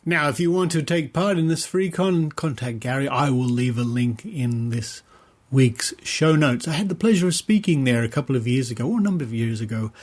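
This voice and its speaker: A man's voice: mid-range voice, animated, fairly quick, a little mellow. A man with an Australian accent hosting a podcast, chatting in a rambling, casual way with fillers. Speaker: podcast host.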